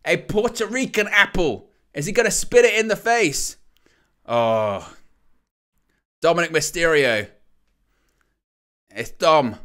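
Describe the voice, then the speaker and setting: A man hosts a live wrestling watch-along, calling the match in a bright, slightly high voice. He jokes and laughs along with the action and gets loud and excited when the crowd erupts. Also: takes it slowly, pauses often. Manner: joking, excitable play-by-play with laughs.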